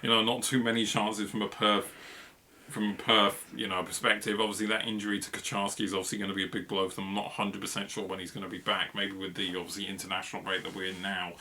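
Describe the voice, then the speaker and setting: A man's voice: on the low side, little pitch movement, fast talker, sharp tone, slight background noise. A man co-hosting a football review podcast, chatting casually and rambling with lots of fillers and laughs. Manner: rambling, filler-heavy, laughs mid-sentence.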